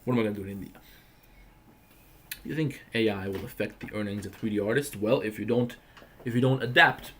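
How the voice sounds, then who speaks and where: Blunt, fast-talking Balkan man. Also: lowish voice. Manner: blunt, profane, emphatic. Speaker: livestream host. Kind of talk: casual livestream Q&A rant.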